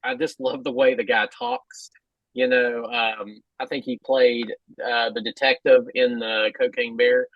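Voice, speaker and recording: Hesitant, halting podcast co-host. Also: male voice, medium pitch, level tone, dry recording, lo-fi sound. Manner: halting, hesitant, lots of uhs and restarts. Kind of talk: casual podcast chat.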